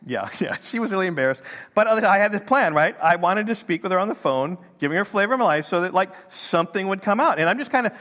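A man's voice: high voice, animated, fast, few pauses, a bit bright, in a large hall. An older man preaching a sermon, telling stories and acting out people's voices in quotes. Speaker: pastor.

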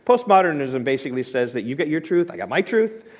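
A man's voice: big pitch swings, quick pace. Emphatic preacher man, rising and falling. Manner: emphatic, rising to a loud pitch on quoted scripture, then dropping quiet; repeats words and restarts phrases. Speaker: pastor. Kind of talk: sermon.

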